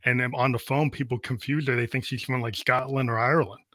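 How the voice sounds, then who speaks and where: A man's voice: mid-range voice, fairly even intonation, fast, a bit bright, no echo. A man from the Boston area in casual conversation, easygoing and thinking aloud with lots of "like". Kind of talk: casual chat.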